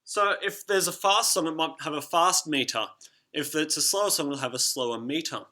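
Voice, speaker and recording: A man's voice: a little high, a little fast, sharp tone. A young man teaching a class in a chatty, teasing way, tapping out rhythms as he explains. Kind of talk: classroom lesson video.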